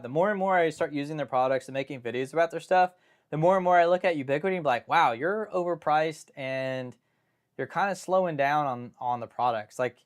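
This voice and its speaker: Chatty young man with a smooth voice. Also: on the high side. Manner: rambling, self-interrupting, joking asides. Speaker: live-stream host. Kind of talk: casual live-stream chat.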